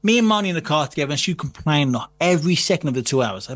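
A man's voice: a little high, lively intonation, very fast, hardly any pauses, fairly bright tone. A man telling a story in casual chat, swearing and laughing as he goes. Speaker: guest.

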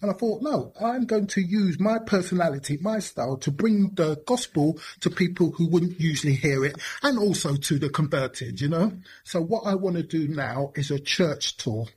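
A man with a husky, slightly high voice talks through his plans in a loose, rambling way. He leans on "you know" and restarts his sentences, chatting like a performer being interviewed on the radio. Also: expressive, moderate pace, few pauses, a little mellow. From England. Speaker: poet and performer.

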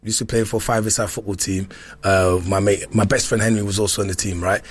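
Husky man telling stories. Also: lowish voice, fairly quick. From London. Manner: animated, playful, with many restarts. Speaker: guest. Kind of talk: casual storytelling.

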